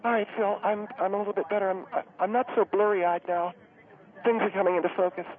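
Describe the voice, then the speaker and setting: A man voicing a high-strung, well-to-do woman who talks haltingly with many fillers. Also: little pitch movement, close to an everyday voice. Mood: flustered. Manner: halting, hesitant, many fillers, later panicky and breathless. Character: fussy upscale woman, community spokeswoman, high-strung. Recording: tinny phone-line radio sound.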